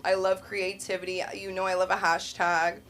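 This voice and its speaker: A woman's voice: medium pitch, little pitch movement, moderate pace, a bit bright. Chatty woman hosting a comedy open mic. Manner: chatty, laughing, acts out both sides of stories. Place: comedy club stage.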